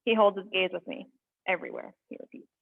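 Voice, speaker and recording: A young woman at an open mic, reading poems aloud with earnest, halting asides between them. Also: mid-range voice, huge pitch swings, gravelly. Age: young adult. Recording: tinny phone-like sound.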